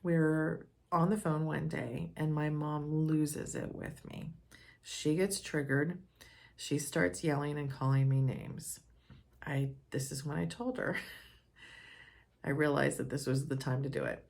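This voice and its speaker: A woman's voice: deep voice, steady tone, slow pace, creaky, a little mellow. A woman speaking earnestly and candidly as she tells a personal story in a talk.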